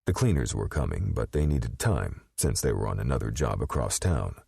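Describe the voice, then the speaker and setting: Very deep, gravelly male narrator. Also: animated, normal speed, warm tone, dry recording, studio quality. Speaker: audiobook narrator. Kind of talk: scripted audiobook narration.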